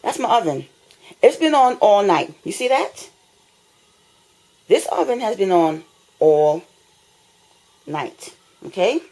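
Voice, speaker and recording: Her mid-range voice swings widely in pitch, with a dark tone, a slow pace and long pauses. Indoors in her apartment, the tenant films an angry rant to her phone camera, fed up, confrontational, repetitive and swearing throughout her complaint.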